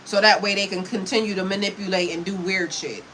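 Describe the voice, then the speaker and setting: Heated, profane woman with a bright voice. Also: mid-range voice, fairly even intonation, a little fast, slight background noise, rough recording. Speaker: spiritual coach. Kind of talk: casual livestream rant.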